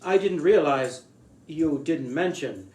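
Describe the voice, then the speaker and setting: A man's voice: fairly high pitch, animated, slow pace, darkish tone. A prim, middle-aged small-town real estate man, as a storyteller puts him on. He talks formally and fussily, counting off his points one after another. The reading has a roomy echo. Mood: fussy. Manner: fussy, formal and long-winded.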